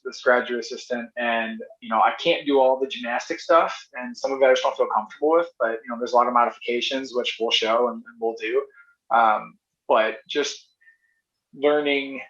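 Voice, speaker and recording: A man's voice: mid-range voice, a bit bright, dull audio. A married man and fitness coach talking in casual chat, rambling with many restarts.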